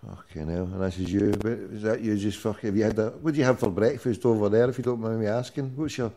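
A man's voice: lowish voice, steady tone, fast talker, warm tone. A man hosting an internet radio show, teasing his callers and swearing freely in casual banter. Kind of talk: casual call-in chat.

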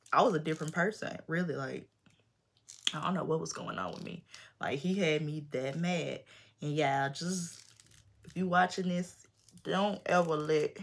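A young adult woman vlogger telling a personal story in an animated, slangy, emphatic way. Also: low voice, vocal fry. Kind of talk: storytime vlog.

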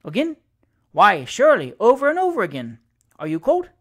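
A reader voicing a cheerful, confident English gentleman reassuring his frightened wife in a classic ghost story. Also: medium pitch, huge pitch swings, a little fast.

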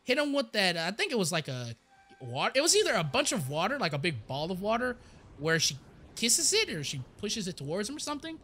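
Excitable high-voiced man commentating a game. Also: brisk, soft background music. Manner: excitable, rambling, stammers and repeats words. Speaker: gaming YouTuber. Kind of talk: casual gameplay commentary.

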